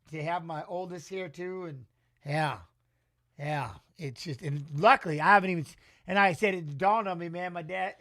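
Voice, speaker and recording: High, bright-voiced man rambling fight talk. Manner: rambling, emotional, salty. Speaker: watch-along commentator. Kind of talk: casual live fight commentary.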